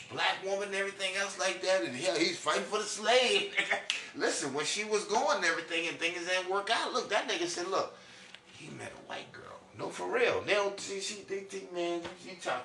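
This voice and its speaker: A man from New York doing a loud, preachy comic monologue that swings between high and low. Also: recorded from a distance, noisy background. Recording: echoey room, from off-mic.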